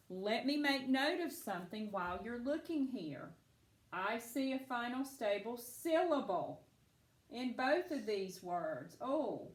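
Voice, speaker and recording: A woman teaching a phonics lesson to children, patient and encouraging, speaking slowly and clearly. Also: on the high side, reverberant.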